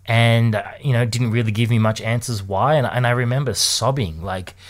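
A man in his thirties speaks openly to camera in a personal monologue. His voice sits in an ordinary middle pitch, and he pauses often, restarts and repeats words, with a soft laugh now and then. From Australia. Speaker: vlogger.

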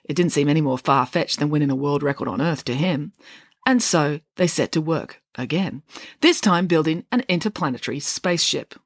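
A woman reading a children's bedtime story with playful, deadpan humour. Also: low-pitched, brisk, no echo, studio quality.

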